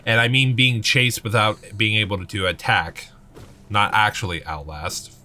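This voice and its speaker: Low bright-voiced man rambling about games. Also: fairly even intonation, measured pace. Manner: rambling, many fillers and restarts, swears casually. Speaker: let's play co-host. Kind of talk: casual chat while gaming.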